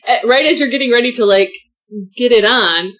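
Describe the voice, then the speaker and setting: A woman's voice: on the high side, a little fast, fairly bright tone, rough recording. A woman co-hosting a podcast in casual movie chat, sharing trivia in a matter-of-fact way. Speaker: podcast co-host.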